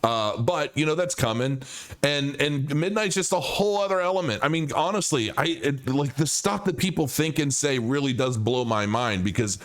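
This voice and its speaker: A man's voice: fairly high pitch, animated, normal speed, a bit bright. A man talking straight to camera about crypto in a casual, blunt and profane rant, often restarting his sentences with repeated words. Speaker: crypto commentator.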